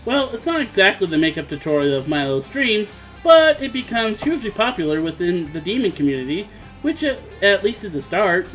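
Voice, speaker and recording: Man, casual game narration, relaxed reading, stumbles a little. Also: high voice, brisk, faint music behind, low-quality recording. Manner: casual reading with slips and chuckles. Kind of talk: let's play narration.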